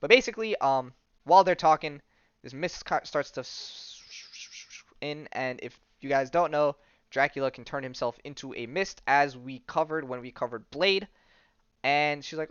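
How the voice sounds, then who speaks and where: A man with a smooth, resonant voice, recorded dry and close with no room sound. He talks in a loose, joking way and retells the story with plenty of ums and likes. The mic sounds a little dull and lo-fi. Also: mid-range voice, moderate pace, a bit bright, no echo. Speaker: podcast host. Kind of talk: casual comic-book recap.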